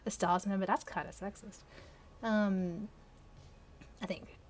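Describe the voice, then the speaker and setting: A woman's voice: mid-range voice, expressive, takes it slowly, pauses often, breathy edge. A young woman reading her old teenage story aloud and mocking it with sarcastic, self-deprecating asides and frequent laughter. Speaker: channel host reading her teenage fan fiction aloud.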